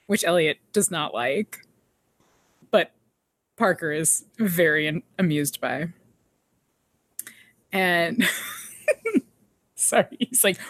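A woman's voice: fairly low pitch, lively intonation, a little slow, pauses often, dry recording. Woman co-host, chatty recapper with a light laugh, dry close sound. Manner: chatty, laughs often, quotes characters. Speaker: podcast co-host. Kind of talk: casual recap chat.

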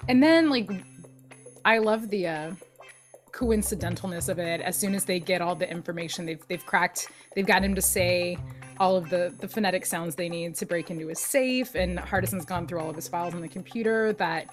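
Lively woman podcast host. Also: lowish voice, faint music behind. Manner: lively, quick, laughs often. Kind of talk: casual chat.

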